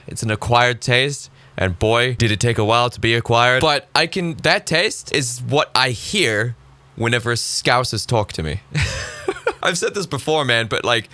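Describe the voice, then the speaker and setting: A man giving sarcastic, animated commentary as he reacts to clips on his channel. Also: mid-range voice, no room sound.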